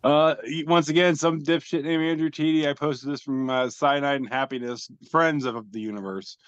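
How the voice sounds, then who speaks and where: A man's voice: fairly high pitch, steady tone, moderate pace, fairly bright tone, smooth, no room sound, muffled recording. A man hosting a podcast over a video call, describing memes aloud in a rambling, self-deprecating way with casual swearing. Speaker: podcast host reading memes.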